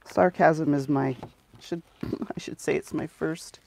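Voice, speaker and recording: A woman's voice: low voice, fairly even intonation, slow pace, creaky, heavy background noise. A middle-aged woman, the host of a crafting livestream, chatting casually and sarcastically to her viewers as she works, close to the mic. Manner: chatty, sarcastic, talks to herself while working.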